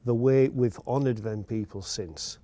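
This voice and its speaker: A man's voice: mid-range voice, measured pace. A man speaking plainly and proudly in an interview.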